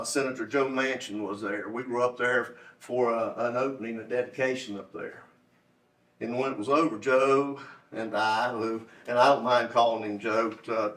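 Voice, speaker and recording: A man's voice: mid-range voice, fairly bright tone. A man, giving a folksy, rambling campaign speech at a club meeting, repeating his points for emphasis. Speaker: candidate for state delegate. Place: meeting room. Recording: roomy echo, distant mic.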